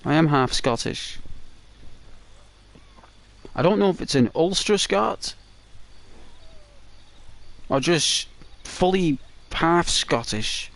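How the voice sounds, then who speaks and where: A man from England hosts a relaxed game livestream and reads out viewers' comments as he goes. He talks at an unhurried pace in a slightly raised voice, greeting each viewer by name and cheering them on. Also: on the high side, vocal fry. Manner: chatty, encouraging, addresses chat by name. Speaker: gaming livestreamer. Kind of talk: casual chat reading viewer comments.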